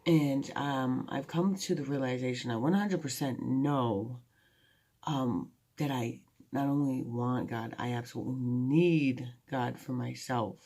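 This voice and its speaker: A woman vlogs from home at night, phone close to her face, rambling heartfeltly and candidly about her faith and her past. She has a mellow bass voice with a breathy edge and speaks a little slowly.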